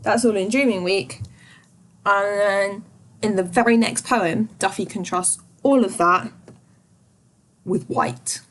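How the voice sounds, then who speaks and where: A woman giving a revision lesson on a poem, thoughtful and pausing often with small fillers. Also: medium pitch. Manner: slow, thoughtful, pauses often with ums. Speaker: teacher.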